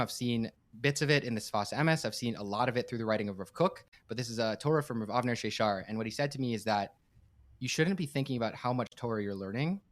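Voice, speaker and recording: A man, a rabbi and guest on a podcast, telling a heartfelt story earnestly and emphatically, often repeating and restarting his words. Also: medium pitch. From United States.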